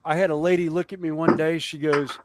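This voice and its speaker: Man, casual storyteller, jokey and rambling, fairly high voice, faint hiss. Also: flat delivery, fairly quick. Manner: rambling, jokey, many fillers. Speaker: guest on a hobby livestream.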